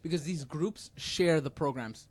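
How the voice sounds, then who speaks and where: A young man chats on a podcast with a slightly high voice. His talk is loose and peppered with swearing, as he rattles off stories to his friends. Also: a little slow, a little mellow. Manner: loose, profane storytelling. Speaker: podcast co-host. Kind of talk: casual chat.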